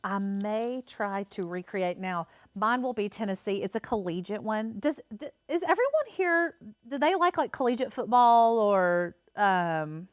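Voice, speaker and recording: A woman's voice: mid-range voice, expressive, measured pace, hardly any pauses, dry recording. Chatty woman teaching a craft. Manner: chatty and rambling, many fillers. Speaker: craft host. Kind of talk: casual craft tutorial.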